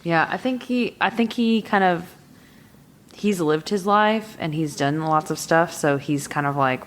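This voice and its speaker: Young woman from rural Texas, low voice, giggly, chatty podcast co-host. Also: unhurried, a little hiss or hum. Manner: chatty, giggly, trails off mid-thought. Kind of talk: casual chat about a film.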